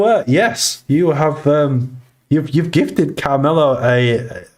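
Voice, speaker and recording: A man hosting a casual crypto livestream, reading the chat and talking through charts with bursts of excitement. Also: medium pitch. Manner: excitable, swings between chart talk and shout-outs to chat.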